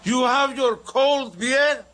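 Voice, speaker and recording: A man putting on a slow, drawling voice for a comic bit on a podcast. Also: extremely high pitch, steady tone, fairly bright tone, pitched above the performer's own voice, exaggerated voice.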